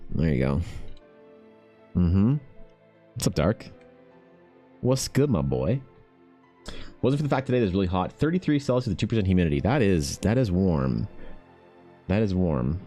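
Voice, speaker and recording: A man's voice: sits low, dark tone. A man streaming while he draws, chatting casually in a laid-back, rambling way and swearing freely. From Canada. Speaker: art streamer.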